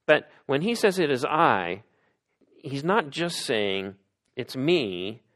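A man's voice: mid-range voice, very animated, takes it slowly, fairly bright tone. Guy preaching, chatty sermon, keeps asking the congregation stuff, ordinary mid voice. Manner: conversational preaching with rhetorical questions. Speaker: pastor.

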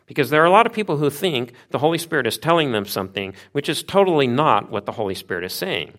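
A man's voice: on the high side, very animated, fast, a bit bright. A man preaching a sermon in an earnest, conversational way, repeating phrases for emphasis. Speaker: pastor.

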